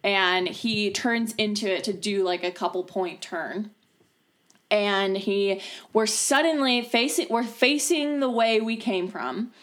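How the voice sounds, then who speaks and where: A woman's voice: medium pitch, slow pace, fairly bright tone. A young adult woman from the US Midwest, chatting casually with friends as she tells a long story, full of "like" and the odd swear word. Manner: chatty, lots of fillers and swearing.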